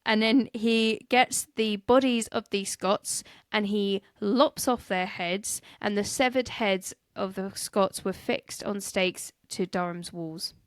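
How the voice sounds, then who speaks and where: A woman's voice: mid-range voice, slow pace, few pauses, clean tone, no echo, studio quality. A woman co-hosting a casual history podcast, joking, laughing and stumbling over names. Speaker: podcast co-host.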